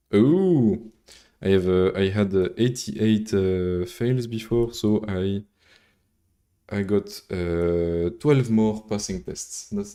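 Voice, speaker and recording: Deep and mellow, a male coding streamer thinks aloud casually as he works. A native French speaker, he rambles, swears now and then and chats with viewers between code steps.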